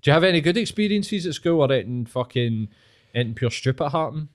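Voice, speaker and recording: A man's voice: fairly high pitch, lively intonation, quick pace. A Scottish man in his late thirties with a Glaswegian accent, telling frank, swear-filled stories in a casual podcast chat. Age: 30s.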